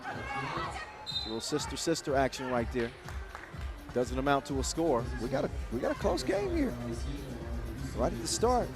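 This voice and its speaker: A man giving quick, energetic, joking play-by-play commentary at a live basketball event. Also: mid-range voice. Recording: broadcast mix with loud crowd and music.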